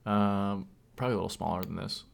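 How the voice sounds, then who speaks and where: A man's voice: low-pitched, brisk, gravelly. A man, a guest in a casual podcast chat, answering with short dry replies.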